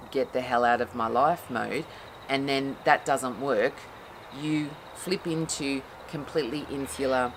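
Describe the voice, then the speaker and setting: A woman with a low voice explains her ideas in a casual, blunt talk. She acts out the quoted outbursts with gusto. A faint hiss sits under the recording. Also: poor audio. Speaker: therapist explaining trauma.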